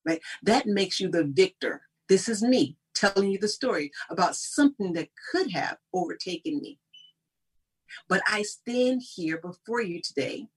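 A woman's voice: mid-range voice, lively intonation, normal speed, husky. A woman guest giving emphatic, preachy motivational talk in conversation, often laughing. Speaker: guest speaker on personal growth.

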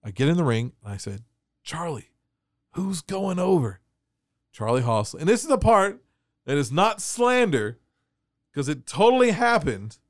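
A man telling a story on a podcast in a casual, animated way, laughing and acting out the voices of people in his anecdotes. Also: a little high, normal speed, no echo, clean studio sound. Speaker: wrestling referee telling a story.

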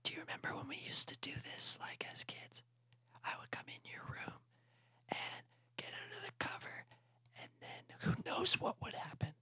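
A wheedling male toad who whispers high and breathy, drawing his friend close in a childish hush, put on by a man. The voice is airy and thin, the kind a storybook creature uses when sharing a secret. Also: huge pitch swings, moderate pace, no room sound, exaggerated voice.

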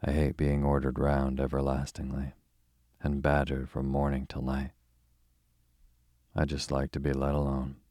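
A man's voice: extremely low pitch, completely flat delivery, a little slow, mellow, dry recording, studio quality. A man reading the lines of a sulky, rebellious young boy in a bedtime storybook, grumbling and resentful.

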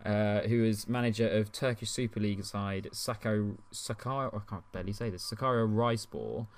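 A man's voice: lowish voice, fairly even intonation, a little fast. A man co-hosting a casual podcast, telling stories chattily with many ums and restarts. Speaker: podcast co-host. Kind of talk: casual chat.

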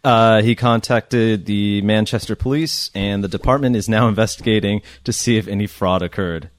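A man co-hosting a comedy podcast, reading out a news story in halting bits. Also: fairly low pitch, fairly even intonation, no echo, clean studio sound.

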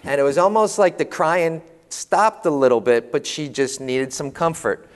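A man telling humorous, animated parenting stories to an audience as a panel speaker. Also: on the high side, normal speed. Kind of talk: storytelling talk to an audience. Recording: long hall reverb.

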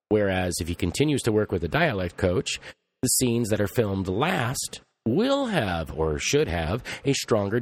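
A middle-aged man hosting a podcast, talking casually in a rambling monologue full of restarts and asides. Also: fairly low pitch. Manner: rambling, thinking aloud with frequent restarts. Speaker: podcast host.

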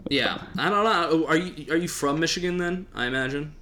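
A man's voice: a little high, fairly quick, pushed and bright. A man hosting a podcast, chatting casually in a joking, rambling way with the odd swear. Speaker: podcast host.

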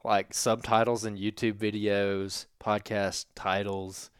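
A man's voice: lowish voice, level tone, takes it slowly, smooth, dry recording, clean studio sound. A man from Alabama with a Southern accent co-hosting a podcast, joking and reading listener reviews. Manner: jokey, laughs easily, reads listener reviews. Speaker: podcast co-host. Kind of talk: casual podcast chat.

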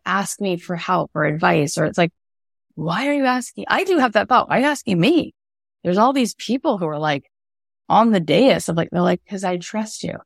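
A woman's voice: fairly low pitch, vocal fry, no room sound. A woman hosting a podcast and coaching two people on a call, speaking emphatically with lots of "like" and "right?". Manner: emphatic and animated, with a lot of "like" and "right?". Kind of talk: coaching call, motivational talk.

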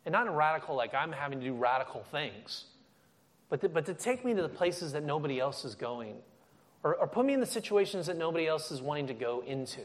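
A middle-aged man giving a sermon as a guest speaker, telling stories with energy and often restarting his sentences. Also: fairly high pitch. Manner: animated storytelling with frequent restarts.

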